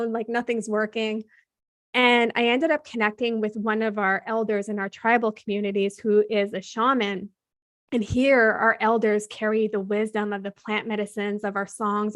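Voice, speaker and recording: A woman telling a personal story as a podcast guest, chatting freely and quoting what she and others said. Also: fairly high pitch. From Canada. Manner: chatty, frequent "like" fillers, quotes her own and others' words.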